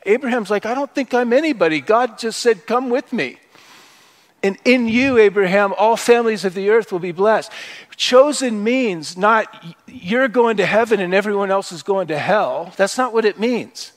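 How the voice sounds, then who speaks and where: High-voiced man preaching a sermon. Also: expressive, normal speed. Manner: conversational preaching with storytelling and rhetorical questions. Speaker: pastor. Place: church worship service.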